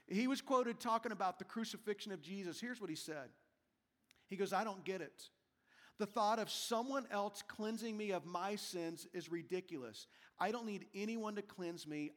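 High-pitched guy preaching, earnest and emphatic, big echoey church. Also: a bit bright. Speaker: senior pastor. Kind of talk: sermon. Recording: long hall reverb.

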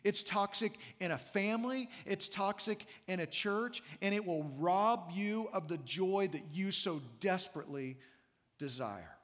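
Man, senior pastor, sermon, emphatic, repeats key phrases, high voice, church hall reverb. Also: a little slow, a bit bright.

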